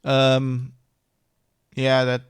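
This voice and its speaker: A man's voice: mid-range voice, completely flat delivery, drawn-out words, clean tone, dry recording. A man with a mother tongue, ranting in a casual vlog, rambling and heated, with many restarts and swearing. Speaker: vlogger. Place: Germany.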